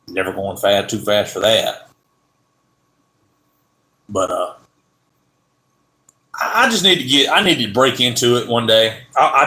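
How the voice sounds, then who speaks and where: A man's voice: lowish voice, pushed and bright. A man with a Southern US accent hosting a casual car livestream, rambling and trailing off mid-sentence. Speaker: car channel livestream host. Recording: echoey room.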